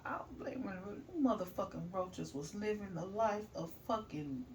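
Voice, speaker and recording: A middle-aged woman casually telling a story, animated, laughing and swearing as she goes. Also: medium pitch, moderate pace, recorded from a distance, slight background noise.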